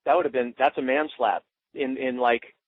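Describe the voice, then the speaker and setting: A man's voice: mid-range voice, steady tone, normal speed, no echo. A man teaching coaching over a tinny, phone-like line that sounds dry and close. He talks loosely and acts out what a coach might say. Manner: loose and demonstrative, acting out coach lines. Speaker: coaching trainer.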